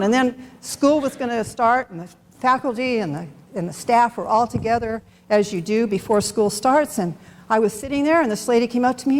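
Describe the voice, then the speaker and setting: A woman's voice: fairly high pitch, fairly quick, a little mellow. A middle-aged woman speaking at a Bible study, giving an unscripted, candid personal testimony in a conversational way. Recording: long hall reverb, faint background noise.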